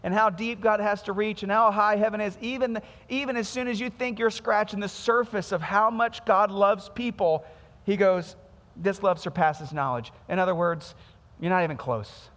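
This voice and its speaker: A man in his thirties, a pastor preaching a sermon in a conversational, storytelling way with animated quoted voices. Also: high voice, normal speed. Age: 30s. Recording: music underneath, long hall reverb.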